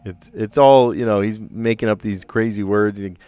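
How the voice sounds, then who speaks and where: Rambling American male puzzle streamer with a somewhat low voice over faint music. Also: fairly even intonation, moderate pace, dark tone, clean tone. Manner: rambling, chatty, tags "right?". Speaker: puzzle livestream host. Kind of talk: casual chat while solving puzzles.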